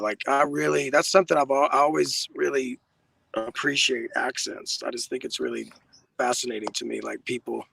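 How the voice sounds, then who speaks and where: Man, band member, rambling reflective chat, gravelly, bright, slightly higher voice. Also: no echo. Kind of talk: casual chat.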